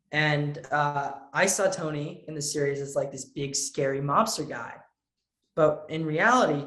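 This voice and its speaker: Teenage boy, earnest, lively, slightly high voice, echoey room. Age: teens. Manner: earnest, lively, acts out quotes with a raised voice. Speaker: young actor, interview guest. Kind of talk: casual interview answers.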